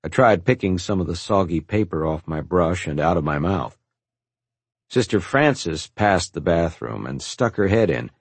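Deep husky male storyteller. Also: unhurried, dry recording. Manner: calm, reflective storytelling. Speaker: narrator. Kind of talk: first-person audiobook narration.

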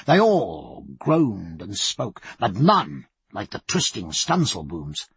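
Slow, gravelly male audiobook narrator. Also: fairly high pitch, no echo. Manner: measured storytelling with lively, varied intonation.

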